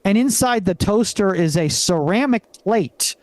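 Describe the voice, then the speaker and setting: A young man from Venezuela doing a live stand-up set in a comedy club. He talks in a halting way, full of fillers and restarts. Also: high-pitched, lively intonation, dry recording.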